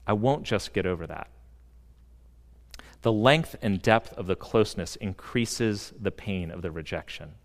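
A man with a fairly low voice delivers a sermon in a church sanctuary. He speaks earnestly and stresses key words, letting dramatic pauses hang. The sound carries a long, reverberant hall tail. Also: lively intonation. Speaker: pastor.

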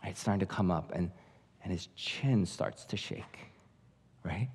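A man as guest pastor telling a story in a sermon, animated and acting out voices, then dropping to a hush. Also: low voice, measured pace, slightly rough. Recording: long reverb of a large hall.

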